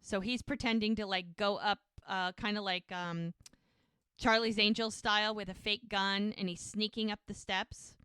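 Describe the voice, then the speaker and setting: A woman's voice: mid-range voice, steady tone, moderate pace, a bit bright, clean tone, no echo. A woman co-hosting a podcast, casually retelling TV scenes and quoting the characters' lines. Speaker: podcast co-host recapping episodes. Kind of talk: casual recap chat.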